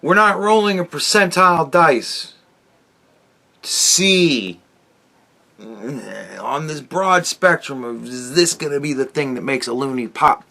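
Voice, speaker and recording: A man's voice: fairly high pitch, slow, creaky, bright, forceful tone. A man hosting his own commentary show, talking bluntly with lots of swearing and frequent restarts. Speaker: podcast host. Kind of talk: casual commentary monologue.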